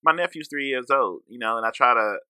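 Laid-back man with a bright dry voice. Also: mid-range voice, fairly quick, smooth, no room sound. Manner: laid-back, reflective, swears casually. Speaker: podcast co-host. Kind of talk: casual chat.

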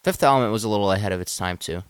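A man co-hosting a casual film review podcast, animated and swearing freely as he chats and reads tweets aloud. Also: on the low side, very fast, smooth, no room sound, clean studio sound. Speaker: podcast co-host.

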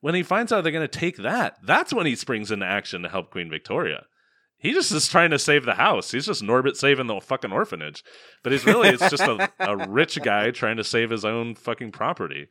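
Male podcast co-host, sarcastic, laughs a lot, animated delivery, dry close sound. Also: medium pitch, brisk, no room sound. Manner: sarcastic, laughs often, trails off quietly. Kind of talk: casual film-review chat.

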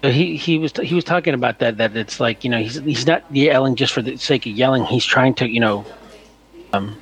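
A man co-hosting a casual podcast chat, talking in a halting way full of "you know" fillers. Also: mid-range voice, fairly bright tone, rough recording. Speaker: podcast co-host.

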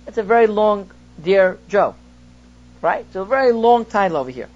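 A man's voice: high-pitched, expressive, moderate pace. A man who is a rabbi teaching a text-study class to students. He explains through everyday examples, asks rhetorical questions, and reads Hebrew phrases before translating them. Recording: dull lo-fi class recording.

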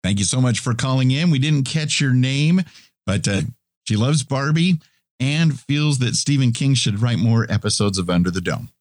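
A man co-hosting a podcast in casual chat, with a relaxed, wry way of talking. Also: medium pitch, moderate pace, no room sound, clean studio sound. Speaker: podcast co-host.

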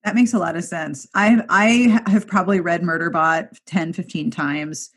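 Husky woman podcast host, wry, exclaims a lot, laughs easy. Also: lowish voice, fairly even intonation, normal speed. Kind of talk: casual chat.

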